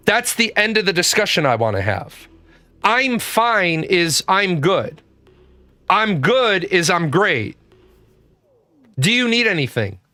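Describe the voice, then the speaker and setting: A man's voice: fairly high pitch, bright, forceful tone, no room sound. A man giving a blunt, profane, rambling comedic monologue from his office. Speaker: comedic commentator.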